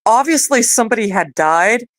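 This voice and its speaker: A woman's voice: on the high side, animated, normal speed, no room sound. A woman in a casual group chat, talking hesitantly and trailing off mid-thought. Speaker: panel participant.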